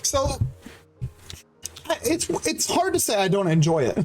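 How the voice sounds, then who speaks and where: A man's voice: sits high, big pitch swings, takes it slowly, soft background music. A man commenting live on a game stream, joking and laughing often while reading game text aloud.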